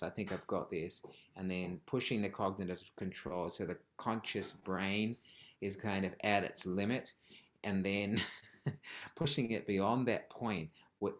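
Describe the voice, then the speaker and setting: A man teaching a live online rhythm class over a video call, playful and jokey, with frequent ums and laughs. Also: low voice. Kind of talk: live online group lesson.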